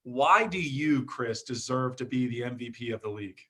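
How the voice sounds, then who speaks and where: A man's voice: medium pitch, lively intonation, moderate pace, a bit bright, breathy edge. Upbeat male podcast host. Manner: upbeat and encouraging with guests. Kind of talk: hosting an interview show.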